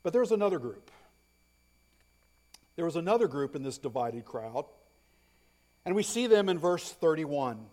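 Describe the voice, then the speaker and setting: A male pastor preaching a sermon, emphatic, stressing points through repetition and swinging from loud declarations to hushed asides. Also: a little high, big pitch swings, unhurried, long pauses. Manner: repeats phrases for stress.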